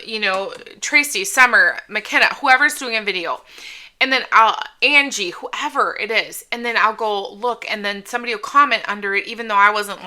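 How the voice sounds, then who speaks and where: A woman's voice: mid-range voice, sharp tone. A middle-aged woman chatting casually at home in a rambling, self-interrupting way as she reviews products for her channel. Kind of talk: casual haul vlog chat.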